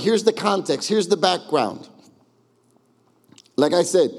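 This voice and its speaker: A man's voice: high voice, a little mellow. Emphatic man preaching in a reverberant church. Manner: emphatic preaching, call-and-response. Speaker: pastor. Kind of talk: sermon. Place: church sanctuary. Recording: long reverb of a church hall.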